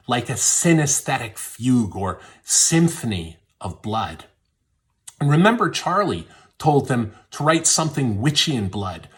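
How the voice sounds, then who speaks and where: A man, a literary scholar, giving a scripted, dramatic narration that often drops to a hush. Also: mid-range voice. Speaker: literary scholar and podcast contributor.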